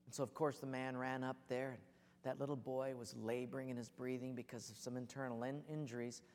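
A man preaching a sermon with passion, building to near shouts as he tells stories. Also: medium pitch, level tone, fairly quick, long reverb tail. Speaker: pastor.

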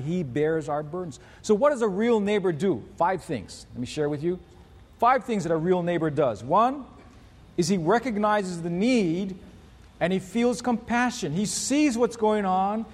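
A man's voice: fairly high pitch, normal speed. A man preaching a sermon, earnest and laying out his teaching in numbered points. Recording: reverberant hall.

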